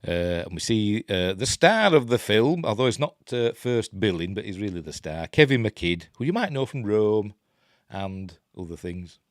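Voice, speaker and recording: A man's voice: lowish voice, sing-song, moderate pace, no echo, clean studio sound. A man with a Yorkshire accent rambling casually through a live film commentary from his webcam. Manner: rambling, chatty, self-interrupting. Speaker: host.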